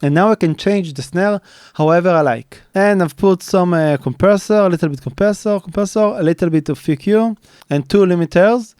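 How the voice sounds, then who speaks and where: A man's voice: high-pitched, brisk, a little mellow, clean tone. A man, a mixing engineer, walking through a studio tutorial step by step in a plain manner, often restarting and using fillers. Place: recording studio. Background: faint drum playback.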